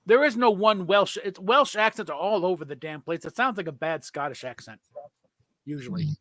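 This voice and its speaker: A man's voice: sits high, expressive, moderate pace, a bit bright, no room sound. A man hosting a casual chat, rambling and laughing often with many fillers. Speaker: host.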